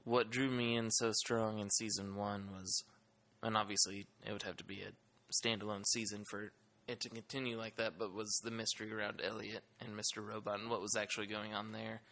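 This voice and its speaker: Joking podcast guy, bright lowish voice, teases the others. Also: level tone, a little fast, vocal fry, hardly any pauses. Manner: joking, teasing. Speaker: podcast co-host. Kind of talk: casual TV discussion.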